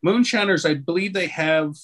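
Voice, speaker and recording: A man's voice: fairly high pitch, normal speed, a bit bright. A man chatting casually in a group, rambling and restarting his sentences as he explains things. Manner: rambling, self-correcting, repeats words. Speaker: pilot sharing fly-in experience.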